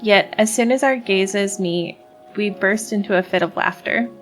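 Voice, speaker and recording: A woman's voice: mid-range voice, measured pace, soft background music. A woman hosting a game playthrough, reading the story text aloud and gushing about the characters, often stumbling and restarting words. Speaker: let's play host.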